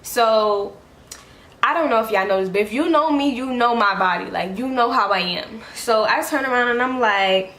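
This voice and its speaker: A young woman vlogger tells a story while getting ready, heated, blunt and profane, in a middle-pitched voice. Her voice bounces around an echoey room at home, with a faint hiss underneath. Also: moderate pace, fairly bright tone. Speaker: beauty vlogger. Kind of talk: get-ready-with-me storytime chat.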